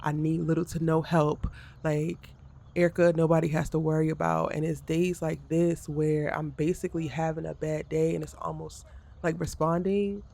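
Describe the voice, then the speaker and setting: A woman's voice: deep voice, little pitch movement, moderate pace, vocal fry, mellow. A woman content creator talking frankly to camera in a vlog, venting about the pressures of her day. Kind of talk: candid vlog monologue.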